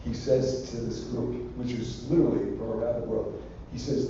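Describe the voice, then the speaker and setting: A man's voice: mid-range voice, fairly even intonation, fast, hardly any pauses, noisy background. An older man, a university president, answering student questions in a rambling, anecdotal way that drifts into jokes. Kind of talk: casual public Q&A. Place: large lecture hall. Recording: echoey hall from far off, dull and lo-fi.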